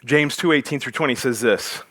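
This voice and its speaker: A man's voice: medium pitch, normal speed, fairly bright tone, no room sound, studio quality. A male pastor preaching a sermon in a church, joking with the congregation in a loose, conversational way full of fillers.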